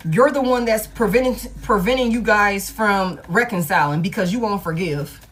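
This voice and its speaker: A woman's voice: medium pitch, moderate pace, fairly bright tone, faint music behind. Blunt, profane woman doing a tarot reading. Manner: casual, blunt and profane, thinking aloud. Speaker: tarot reader. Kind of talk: collective love tarot reading.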